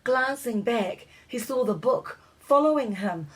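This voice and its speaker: A woman narrating a children's storybook in a measured, expressive reading voice. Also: a little high, slightly rough, rough recording.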